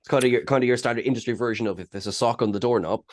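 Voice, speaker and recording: A man's voice: mid-range voice, fairly even intonation, racing. A man interviewing in a playful, joking way on a casual podcast. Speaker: guest interviewer.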